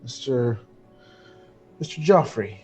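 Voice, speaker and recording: Mellow man questioning politely in character. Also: mid-range voice, expressive, slow, faint music behind. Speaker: player. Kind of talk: in-character questions at a game table.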